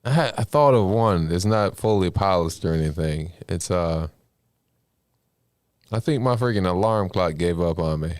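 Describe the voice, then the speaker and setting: A man's voice: low-pitched, lively intonation, moderate pace, a little mellow, no room sound, clean studio sound. A man co-hosting a podcast, a comedian chatting in a laid-back way with brief replies. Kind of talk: casual chat.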